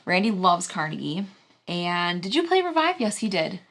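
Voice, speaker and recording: A woman's voice: lowish voice, very animated, moderate pace, a bit bright. A woman co-hosting a live board game stream. She chats casually and jumps from topic to topic as she plays. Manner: chatty, jumps between topics. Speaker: co-host of a board game channel. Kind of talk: casual chat while playing a board game.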